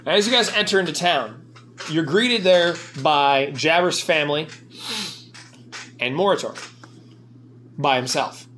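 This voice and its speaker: A man narrating a tabletop game as game master, animated and quick to laugh and swear at his own slips. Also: a little high. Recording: faint buzzing noise.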